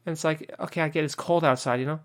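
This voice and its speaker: An American podcast host rants casually and sounds exasperated, swearing a lot and leaning on "you know" fillers. His voice is a little high and fairly bright, with fairly even intonation, and he talks fast.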